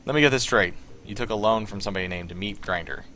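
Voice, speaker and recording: A man's voice: deep voice, steady tone, quick pace, fairly bright tone, slight background noise. A man reading the lines of a terse male mercenary leader in short, clipped replies. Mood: dry.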